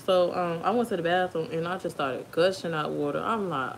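A woman's voice: on the low side, a little fast, vocal fry, hardly any pauses, slight background noise. A young woman with an African American Vernacular English accent, telling a birth story in a chatty way and laughing often. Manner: chatty, laughs often, talks to kids off camera. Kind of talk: casual storytime.

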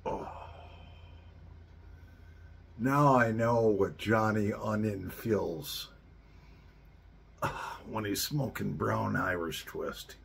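A middle-aged man hosting a relaxed vlog as he smokes his pipe, murmuring slow, savoring remarks between puffs. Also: lowish voice, vocal fry, a little hiss or hum. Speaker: pipe smoking channel host.

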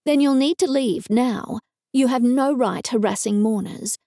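A stern, sharp-tongued funeral director woman with an Australian accent in a cozy mystery audiobook, as the narrator takes her on. Her curt lines come in a mellow, gravelly voice in a dry room. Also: fairly high pitch, unhurried, no room sound. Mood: stern, snapping. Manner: curt and raised when snapping.

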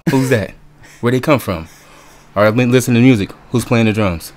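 A man's voice: medium pitch, normal speed, darkish tone, slight background noise. A young man chatting casually as a podcast guest, laid-back, laughing often and swearing freely. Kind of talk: casual chat.

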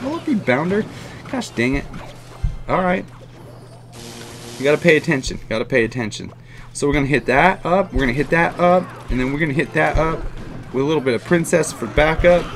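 A man narrates his own game match as he plays it, in a mid-range voice that jumps up when the action turns. He is chatty and excitable, urging his units on and repeating short phrases over and over. Faint music plays underneath. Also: mid-range voice. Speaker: gaming YouTuber. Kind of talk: live gameplay commentary.

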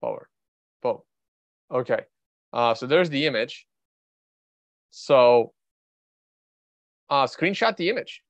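A Russian man who trades and hosts a laid-back market livestream speaks slowly, with long pauses and lively intonation at a medium pitch. He rambles and thinks aloud in a blunt, offhand manner, recorded dry and slightly dull with no room sound.

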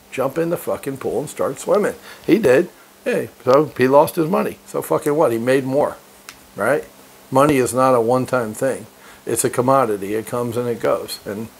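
A man's voice: medium pitch, creaky, breathy edge. A man reading a book aloud and breaking off into brash, profane motivational commentary, laughing often. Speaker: reader and commentator.

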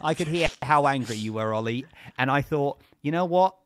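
A man chatting over a game, hesitant and deadpan in his joking. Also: medium pitch, normal speed, no room sound, clean studio sound. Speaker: guest player. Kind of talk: casual gaming chat.

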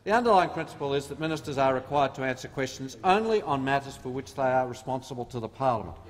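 A man's voice: mid-range voice, animated, fast talker. An Australian man, a government minister, giving a combative, mocking parliamentary debate speech and reading rules aloud. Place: parliament chamber. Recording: reverberant parliament chamber.

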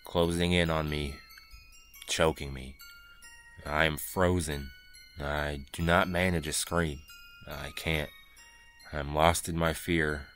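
A man's voice: rumbling low, a bit bright. A man narrating a scary first-person story in a tense, dramatic way. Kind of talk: scripted horror narration.

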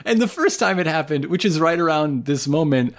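Animated man joking on a podcast. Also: a little high, brisk. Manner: jokey, laughs often, speeds up when excited. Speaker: podcast co-host. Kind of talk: casual chat recapping an anime.

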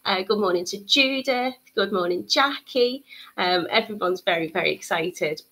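A woman's voice: medium pitch, normal speed, pushed and bright. A young woman hosting a live bead-craft tutorial stream, bubbly and chatty, greeting viewers and filling gaps with lots of ums. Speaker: bead shop tutorial host.

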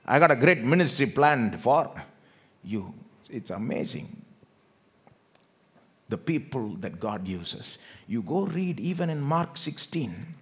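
A man from India preaching a sermon in church, acting out quoted speech with big swings between loud and quiet, and calling on the congregation to respond. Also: slow pace, pauses often. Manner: animated, acts out quoted speech with big swings in loudness and pitch.

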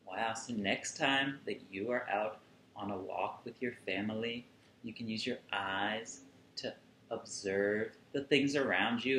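A man working as a children's museum educator, reading a picture book aloud to kids in a gentle, expressive, playful way. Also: on the low side, slow, echoey room, a little hiss or hum.

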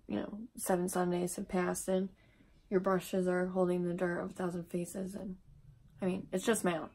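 Filmed on a tripod at home, a woman vlogger rambles her way through a makeup tutorial, poking fun at herself along the way. She speaks in a warm, mid-range voice with vocal fry and a breathy edge.

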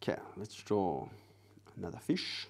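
A man hosting a live drawing stream, chatting casually with viewers in a soft, relaxed way while he works. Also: low voice, unhurried, vocal fry, slightly rough. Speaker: live-stream artist host.

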